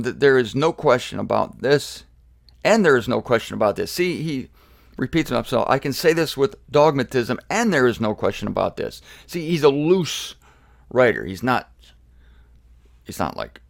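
A man's voice: mid-range voice, expressive, moderate pace, creaky, dry recording, studio quality. A man giving a casual Bible lecture, reading quotes and breaking off for joking, self-deprecating asides. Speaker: Bible teacher.

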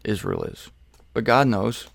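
Gravelly preacher man asking rhetorical questions. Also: fairly low pitch, huge pitch swings, a little slow, no room sound. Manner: emphatic, asks and answers rhetorical questions. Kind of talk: sermon.

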